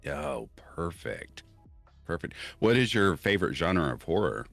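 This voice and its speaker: A man co-hosting a casual horror podcast chat, friendly and upbeat, quick to laugh. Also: sits low, sing-song, creaky, a bit bright, no echo, soft background music. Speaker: co-host.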